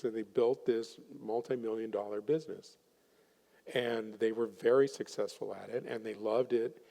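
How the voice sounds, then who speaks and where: A man's voice: medium pitch, creaky, warm tone, long reverb tail. A man presenting at a workshop, telling a counseling story and acting out his clients' voices. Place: chapel hall.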